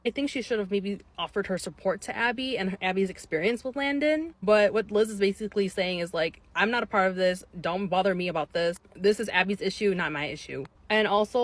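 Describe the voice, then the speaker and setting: A woman hosts an online drama commentary, reading out posts and adding her own emphatic, gossipy takes. Her voice sits in an ordinary middle pitch. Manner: reads out quotes, gossipy and emphatic. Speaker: commentary host.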